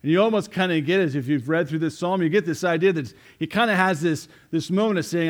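A man's voice: on the high side, expressive, brisk, few pauses. A man preaching a sermon as pastor, conversational, often checking in with the congregation and repeating himself. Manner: conversational, asks "right?" often, repeats words.

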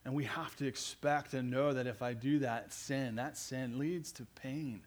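A man's voice: medium pitch, fairly even intonation, a little slow. A man preaching a sermon as pastor, earnest and growing emphatic as he speaks.

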